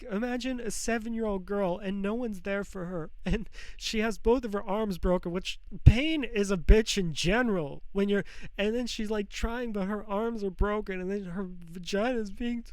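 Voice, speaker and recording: Guy with a high clean voice, rambling and swearing, kinda raw and teary, restarts a lot. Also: clean tone, dry recording. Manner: rambling, profane, frequent fillers and restarts; emotionally raw, close to tears. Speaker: show host. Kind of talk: rambling personal monologue.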